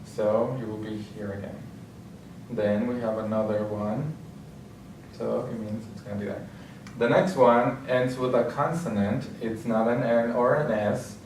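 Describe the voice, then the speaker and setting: A man's voice: medium pitch, steady tone, measured pace, a little mellow, slight background noise. A man patiently explaining a language lesson step by step, correcting himself as he goes. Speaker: Spanish teacher. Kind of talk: classroom explanation. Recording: echoey room, mic far off.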